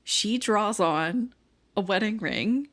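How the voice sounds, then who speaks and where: A woman's voice: medium pitch, slow. A woman co-hosting a podcast, chatting casually about a drama, retelling scenes with acted-out quotes and frequent laughter. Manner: animated storytelling, acts out quoted lines, laughs often. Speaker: podcast co-host. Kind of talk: casual chat reviewing a drama.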